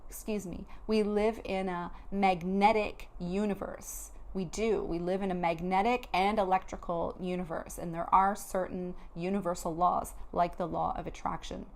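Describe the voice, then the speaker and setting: A woman's voice: on the low side, steady tone, normal speed, few pauses, a little mellow. A woman giving an earnest, heartfelt motivational talk to camera, with loose phrasing and frequent restarts. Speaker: spiritual vlogger.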